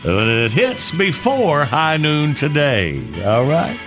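Upbeat high-voiced radio host man over music. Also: very animated, slow pace, a bit bright. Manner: upbeat, chuckling. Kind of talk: casual radio banter and show announcements.

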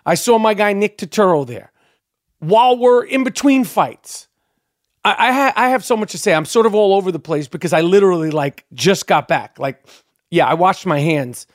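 Brief: middle-aged man, high voice, profane rambling podcast rant, dry close mic. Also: expressive, normal speed, dry recording. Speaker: podcast host. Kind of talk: casual ranting monologue.

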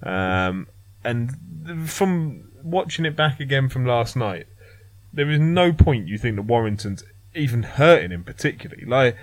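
A man's voice: mid-range voice, very animated, moderate pace, no room sound. A man giving blunt, opinionated boxing analysis in a casual podcast chat, laughing and swearing now and then. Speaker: boxing pundit.

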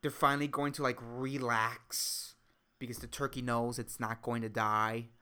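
A woman hosting a solo podcast, ranting sarcastically and swearing often, jumping between loud outbursts and low mutters. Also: level tone, normal speed, clean tone. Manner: profane, rambling and sarcastic, says dude a lot. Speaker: podcast host.

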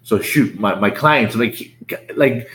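A middle-aged man, a business owner, telling his story as a podcast guest in a lively, casual way, often repeating words and acting out what people said. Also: slow. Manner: animated, repeats words, acts out quotes in a higher voice. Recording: roomy echo.

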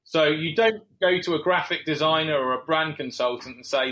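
A man's voice: on the high side, normal speed, few pauses, fairly bright tone. A man speaking as a business founder guest on a podcast, talking reflectively with fillers and self-corrections. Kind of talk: conversational interview answers.

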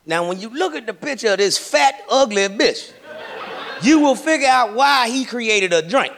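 A man performing a stand-up comedy routine, loud and profane, shouting his punchlines. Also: extremely high pitch, lively intonation, normal speed, vocal fry. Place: comedy stage before a large audience. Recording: live show with loud roaring audience.

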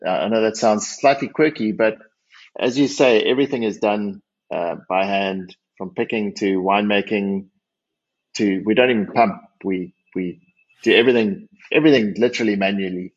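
This is a lowish, breathy-edged voice at a moderate pace, belonging to a South African man who manages a winery as its managing partner. Chatting as a guest on a radio interview, he restarts frequently and jokes at his own expense, all captured in dull, lo-fi sound.

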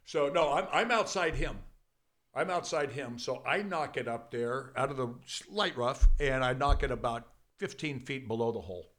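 An older man, a guest in a studio interview, tells a long anecdote in a lively, casual way. His medium-pitched voice moves at normal speed, and he is animated, swears freely and breaks into bursts of laughter.

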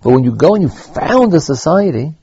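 A man teaching a Torah lesson, halting and repeating words as he thinks aloud, with Hebrew terms mixed in. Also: a little high, very animated, warm tone, husky, no echo, lo-fi sound. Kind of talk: spoken Torah lecture.

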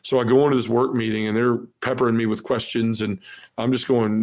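A man's voice: mid-range voice, little pitch movement, fairly quick, a little mellow. A man in his forties, a podcast guest, telling a personal testimony in an earnest way, peppered with "you know", acting out the lines of people in it. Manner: acts out quoted dialogue.

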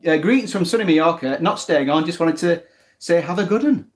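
A middle-aged co-host reads messages from the live chat in an easygoing way. Dry little comments follow each one. The voice sits at an ordinary, middling pitch, recorded at home in a living room. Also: lively intonation, brisk. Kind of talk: casual chat.

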